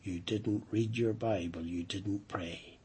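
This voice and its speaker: A man preaching who voices a loving mother, speaking gently and firmly. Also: medium pitch, takes it slowly, husky, full character voice. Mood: gentle firm. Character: patient loving praying mother.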